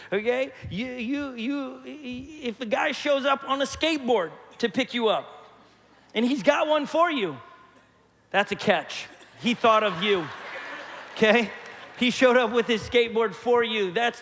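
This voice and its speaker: A middle-aged male pastor preaching a lively sermon, acting out quotes as he tells stories. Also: extremely high pitch. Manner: animated storyteller, acts out quotes. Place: church hall. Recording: long church hall reverb.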